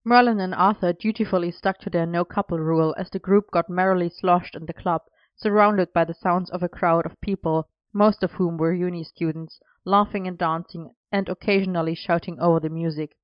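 A woman narrating a story aloud in a steady, even reading voice. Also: fairly low pitch, brisk, few pauses, no echo, dull audio.

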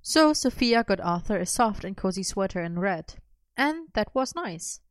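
A woman's voice: mid-range voice, expressive, normal speed, dry recording, faint music behind. A woman reading a lighthearted story aloud with wry, comic timing. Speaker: narrator.

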